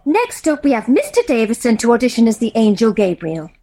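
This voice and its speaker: A woman's voice: fairly high pitch, sing-song, fairly quick, mellow. An actress playing a polite, fussy woman helping run auditions.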